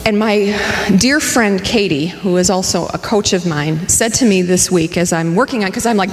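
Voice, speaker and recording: In an echoey sanctuary hall with long reverb, a woman in her forties serving as a spiritual director delivers a candid, humorous sermon. Her medium-pitched voice moves at a moderate pace as she tells lively personal stories.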